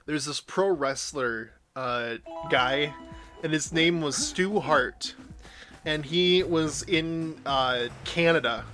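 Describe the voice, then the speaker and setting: A man's voice: fairly high pitch, slow, pushed and bright, soft background music. A man livestreaming a video game, chatting casually and often breaking into laughter. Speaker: game streamer. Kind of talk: casual chat while livestreaming.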